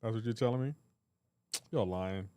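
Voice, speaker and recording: A man's voice: lowish voice, normal speed, warm tone, clean tone, dry recording. A man hosting a live game stream, chatting casually and joking while reading and answering chat messages. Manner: joking, reads chat aloud.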